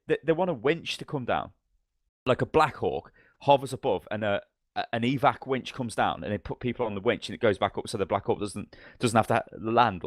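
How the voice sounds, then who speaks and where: A man's voice: mid-range voice, no echo, studio quality. A man co-hosting a podcast, telling long, rambling stories in casual chat. He swears freely and acts out the lines of the people in his stories. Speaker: podcast co-host.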